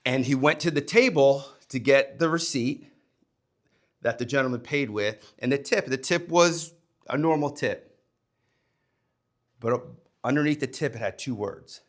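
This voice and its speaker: A man and former coach giving a motivational talk to young people, emphatic, swinging between loud and hushed delivery. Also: mid-range voice, measured pace, long pauses.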